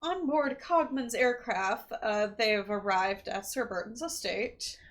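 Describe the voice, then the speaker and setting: A woman co-hosting a podcast, talking through a movie's plot in casual chat. Her voice sits fairly high. She slips in dry, wry asides as she goes. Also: measured pace, fairly bright tone. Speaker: podcast co-host.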